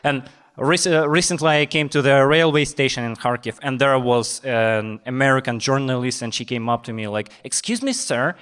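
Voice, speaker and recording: A young man with a Ukrainian accent doing deadpan stand-up comedy on a stage. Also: mid-range voice, normal speed, clear, resonant tone. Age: young adult.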